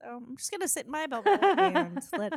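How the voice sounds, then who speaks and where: Animated, sarcastic young woman, dry sound. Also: high voice, brisk, no echo. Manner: animated, sarcastic, swears, acts out quoted voices. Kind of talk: casual chat.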